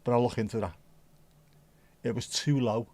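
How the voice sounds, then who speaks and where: A man hosting a casual livestream, rambling and thinking out loud as he chats to his viewers. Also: mid-range voice, fairly even intonation, normal speed, breathy edge. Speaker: livestream host.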